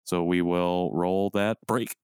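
A man co-hosting a podcast, speaking in an earnest, measured way. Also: low voice, steady tone. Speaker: podcast co-host. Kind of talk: casual podcast talk.

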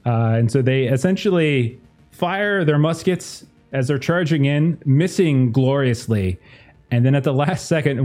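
A man running a tabletop game as game master and narrating the action vividly. His pitch rises and falls a lot, and his tone is mellow and soft. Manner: lively, vivid scene narration.

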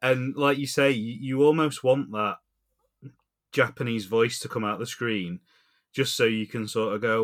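Male podcast co-host, casual rambling chat, animated, mid-pitched voice. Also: normal speed. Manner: rambling, animated, laughs often.

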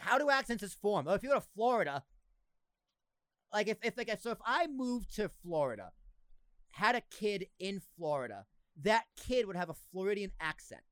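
Lively high-voiced man with faded Boston accent. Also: no room sound, clean studio sound. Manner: animated, laughs often, quick impressions. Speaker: podcast host. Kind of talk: casual chat.

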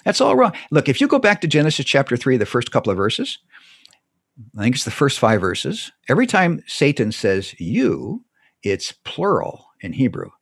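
Brief: man, expressive pitch, emphatic storyteller, dry close sound. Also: normal speed, gravelly, no echo. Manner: lively, emphatic, with frequent restarts. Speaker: guest speaker on theology. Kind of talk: animated conversational storytelling.

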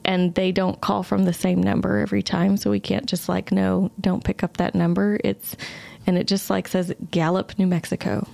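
A woman co-hosts a podcast, chatting in a relaxed way that is full of laughter. Her voice has a gravelly fry, and it is recorded dry and close with no room sound. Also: mid-range voice, moderate pace, no echo. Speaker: podcast co-host. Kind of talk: casual chat.

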